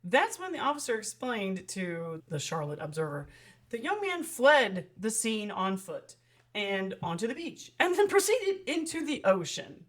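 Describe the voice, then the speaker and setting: A woman's voice: medium pitch, big pitch swings, unhurried, fairly bright tone. A woman co-hosting a podcast, telling a news story in casual chat and laughing often. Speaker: podcast co-host.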